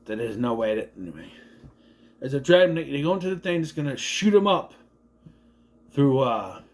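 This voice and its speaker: A young adult man casually recapping and reviewing a movie, rambling and jumping into quick impressions of the characters. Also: medium pitch, expressive.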